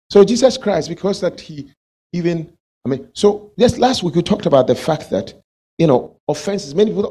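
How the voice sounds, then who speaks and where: Male pastor, husky and lively, preaches and questions his congregation. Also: high-pitched, moderate pace. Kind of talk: sermon.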